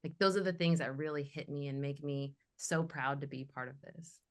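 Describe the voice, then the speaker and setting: Woman, young adult, metal vocalist, low voice, passionate, animated. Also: moderate pace. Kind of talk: casual panel discussion.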